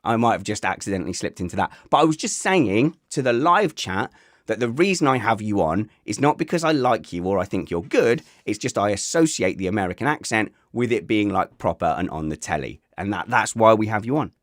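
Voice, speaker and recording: A man's voice: lowish voice, lively intonation, a little fast, dry recording, clean studio sound. A man hosting a casual podcast, jokey and self-mocking. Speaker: podcast host.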